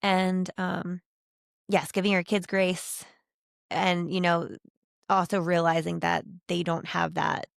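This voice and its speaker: Gravelly-voiced chatty woman host. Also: fairly low pitch, little pitch movement, slow pace, dry recording, studio quality. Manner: chatty and effusive, many fillers. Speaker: podcast host. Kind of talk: casual faith conversation.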